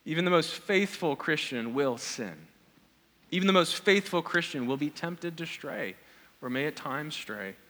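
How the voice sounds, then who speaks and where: Male pastor, earnest sermon delivery with searching questions; bright, slightly high voice in a reverberant hall. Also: animated, measured pace. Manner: earnest, asks the congregation repeated questions. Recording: long reverb of a large hall.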